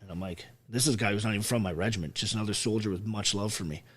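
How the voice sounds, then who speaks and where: Rapid-fire and slightly rough, with a fairly bright tone and a lowish pitch, an army veteran pours out an emotional story on a podcast. He's blunt and profane throughout, acting out what others told him.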